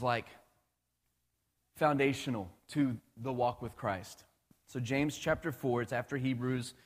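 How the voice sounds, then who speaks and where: A male pastor preaching a conversational, animated sermon, with restarts and asides to the congregation. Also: medium pitch. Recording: long hall reverb.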